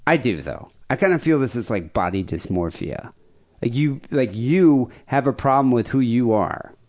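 A man's voice: mid-range voice, expressive, moderate pace, darkish tone. A man co-hosting a podcast, chatting casually and rambling a little, often repeating words and laughing. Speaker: podcast co-host. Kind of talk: casual chat.

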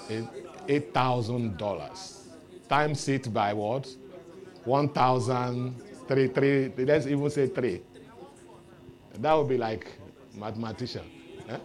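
A man preaching a sermon, telling a story with lively rises into loud exclamations. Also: mid-range voice. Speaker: pastor.

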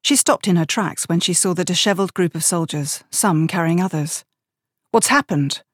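Woman, audiobook narrator, measured, steady, lowish pitch, dry close sound. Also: no echo. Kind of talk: scripted narration.

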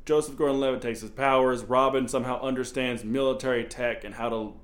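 A man co-hosting a casual movie review podcast, sarcastic and animated, swearing and laughing as he picks apart the plot. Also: medium pitch, fairly quick. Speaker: podcast co-host.

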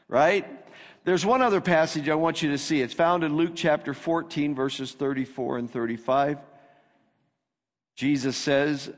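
A man's voice: fairly high pitch, a little slow. A man preaching a sermon as pastor, reading scripture with rising emphasis. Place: church sanctuary. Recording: long reverb of a church hall.

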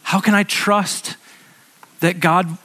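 A man's voice: sits high, fairly even intonation, slow, bright, forceful tone, pitched above the performer's own voice, full character voice. A man doing a fretful, doubting ancient Hebrew. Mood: anxious. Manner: hesitant, stammering, fretful.

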